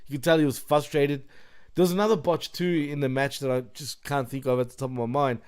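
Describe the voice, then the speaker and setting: A man's voice: mid-range voice, steady tone, brisk, a little mellow, clean tone. A man, co-hosting a podcast in casual wrestling chat, laughing often and saying bro and dude. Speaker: podcast co-host.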